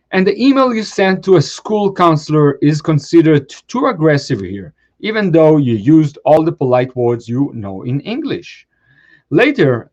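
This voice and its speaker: A man's voice: fairly high pitch, a little mellow, lo-fi sound. A man hosting a show, reading a post aloud in short phrases and adding brief comments of his own. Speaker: host.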